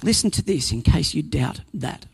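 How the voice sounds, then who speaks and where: A man's voice: a little high, lively intonation, moderate pace, creaky, slightly rough, no room sound. A man preaching a sermon, earnest and emphatic, building points through repetition and sometimes restarting a phrase.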